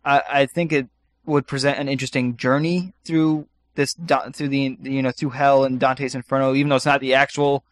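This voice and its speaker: A man's voice: mid-range voice, little pitch movement, normal speed. A man co-hosting a podcast, chatting casually and rambling with many fillers and restarts. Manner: rambling, lots of ums and restarts. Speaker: podcast co-host. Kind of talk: casual chat.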